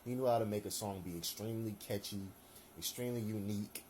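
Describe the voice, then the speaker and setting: A man's voice: fairly low pitch, fairly even intonation, fast, warm tone, slight background noise. A young man giving his opinions in a loose, rambling monologue, full of slang and fillers. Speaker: solo commentator.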